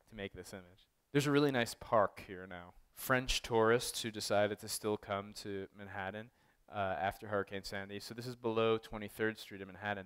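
A man's voice: mid-range voice, a bit bright, clean tone. A man giving a casual, anecdotal artist talk as a photographer, rambling with many fillers and restarts. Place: art gallery talk.

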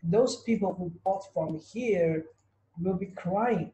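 High-voiced man teaching a webinar. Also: takes it slowly, warm tone. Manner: repetitive, rhetorical questions to students. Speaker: trading tutor. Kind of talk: online webinar lesson. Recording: roomy echo.

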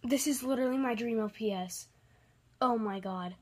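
A young girl unboxing a birthday toy in a casual vlog, gushing with excitement and using trendy slang. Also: a little high, normal speed.

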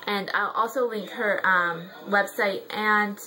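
Chatty young woman with a bright voice. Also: mid-range voice, steady tone, takes it slowly, rough recording. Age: young adult. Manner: chatty, rambling, many ums and likes. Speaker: product reviewer. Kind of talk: casual product review vlog.

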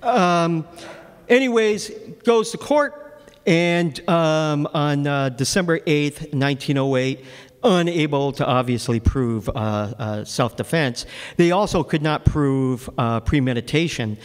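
A man's voice: a little high, slow, smooth, big-room sound. A man, a local author, giving a book talk and telling a story with casual, wry asides and plenty of ums and uhs. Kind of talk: storytelling lecture to an audience.

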